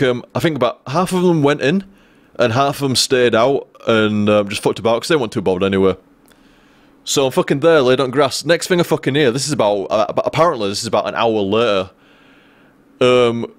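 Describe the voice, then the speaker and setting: Young male streamer, casual rambling storyteller, mid-pitched voice, dry close sound. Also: dry recording. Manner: rambling, profane, restarts often.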